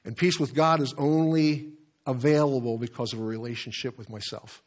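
A man preaches from the pulpit, steady and earnest. His voice sits at an ordinary middle pitch, and he paces his words with pauses, rising to stress key lines as he works through a passage. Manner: earnest, with pauses and self-corrections while reading scripture. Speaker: pastor. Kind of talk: sermon.

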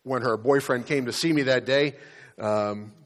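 A male pastor preaches in a church, his voice sitting at an ordinary middle pitch. He tells a personal story earnestly, often pausing and restarting mid-sentence as he gathers his thoughts.

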